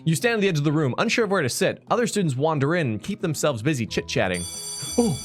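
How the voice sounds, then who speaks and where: A man's voice: on the high side, big pitch swings, quick pace, faint music behind. Man narrating a game playfully. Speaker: streamer. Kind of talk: reading a dating game aloud.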